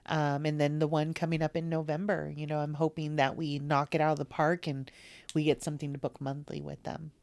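A woman comedian with a slightly low voice, talking as a podcast guest. She chats loosely and tells animated stories, laughing often. The sound is close and dry. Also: fairly quick, gravelly, no echo. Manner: chatty, animated storytelling with laughter. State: teary near the end. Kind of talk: casual podcast chat.

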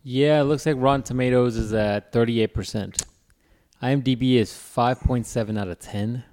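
Co-host, man, mid pitch, blunt and dismissive, casual. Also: normal speed, a little mellow. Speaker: podcast co-host. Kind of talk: casual chat.

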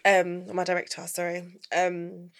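A woman hosting a podcast interview, asking follow-up questions and often murmuring soft agreement. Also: fairly low pitch, completely flat delivery, measured pace, vocal fry. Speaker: podcast host.

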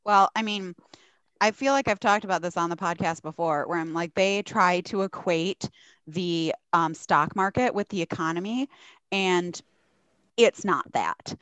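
A woman's voice: on the low side, measured pace, dry recording. Woman, podcast co-host, swearing casual rant, dry close sound. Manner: profane, animated storytelling.

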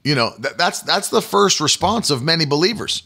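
A male preacher delivers a livestreamed sermon in a bright, fairly high voice. He is emphatic, repeats his phrases and breaks off to speak to viewers online. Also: animated, moderate pace, breathy edge.

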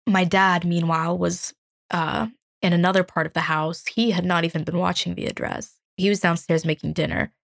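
A young woman from Ukraine, a podcast host, telling a personal story in an earnest, reflective way with halting restarts. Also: lowish voice, steady tone, creaky, dry recording.

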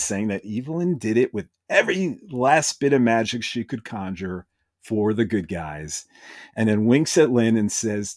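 A man's voice: mid-range voice, a little mellow, dry recording. A man in the middle of his vocal range, recapping a show for a podcast. He tells it with eager enthusiasm, and the sound is dry and close. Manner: enthusiastic, retells scenes with brief quoted voices. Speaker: podcast host. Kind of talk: casual episode recap.

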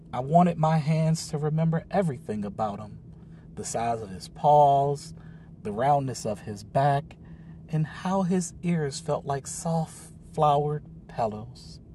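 Male audiobook narrator, slow, mellow, calm, faint hum. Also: medium pitch. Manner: calm, unhurried reading.

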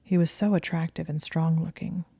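A woman reading a story aloud as narrator, measured, sometimes hushed to a whisper. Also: low voice, steady tone, gravelly, husky. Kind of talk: audiobook reading of fan fiction.

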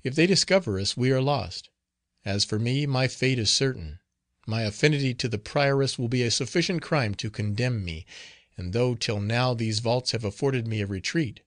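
A man's voice: mid-range voice, moderate pace, no echo, clean studio sound, close to an everyday voice. A man voicing a terrified young woman hiding in a vault, pleading and breathless with fear. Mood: fearful.

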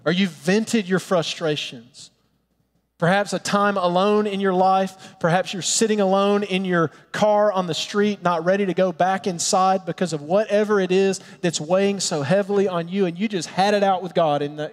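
A man preaching a sermon in an earnest, pleading way, sometimes dropping to soft, tender tones. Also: sits high, fairly even intonation, moderate pace, long reverb tail. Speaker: pastor.

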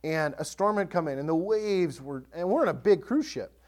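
Male pastor, lively sermon storyteller, acts out voices, swinging pitch. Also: moderate pace.

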